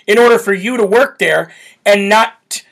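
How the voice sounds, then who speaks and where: This US host of a political talk show reads viewer comments from the live chat, laughing a lot in a brash, mocking manner. His high-pitched voice is a bit bright, with vocal fry, at a moderate pace.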